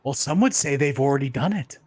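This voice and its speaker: A man in a casual podcast chat, opinionated and quick with short replies. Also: mid-range voice, lively intonation, a little mellow, no echo.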